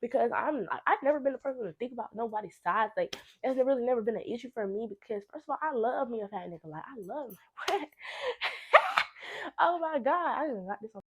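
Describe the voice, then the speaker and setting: A young woman telling a messy personal story to camera, animated and blunt, swearing freely and repeating phrases for emphasis. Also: fairly high pitch, a little fast, phone-quality sound, slight background noise. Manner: animated, blunt and heavily profane, with laughing asides. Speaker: storytime vlogger. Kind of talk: casual storytime monologue.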